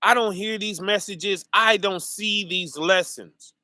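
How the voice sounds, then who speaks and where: Male preacher, slow and deliberate, dry and close-miked. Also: high voice, sharp tone, no echo. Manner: rhetorical questions, calling out to listeners. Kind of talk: informal preaching monologue.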